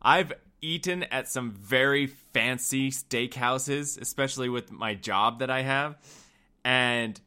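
A man's voice: medium pitch, slow pace, pushed and bright, smooth. A man in his thirties, co-hosting a casual chat, telling stories in an easygoing way and laughing along. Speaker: podcast co-host.

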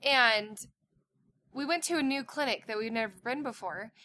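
A woman and mother chatting casually as co-host, telling animated stories loudly. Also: on the high side, moderate pace. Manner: loud, animated storyteller. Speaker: parent and co-host. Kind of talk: casual chat.

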